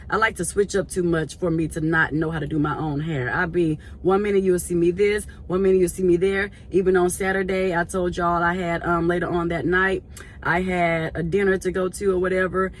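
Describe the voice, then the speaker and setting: A woman and church volunteer telling a casual story to her viewers in a chatty, animated way. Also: fairly low pitch, a little hiss or hum.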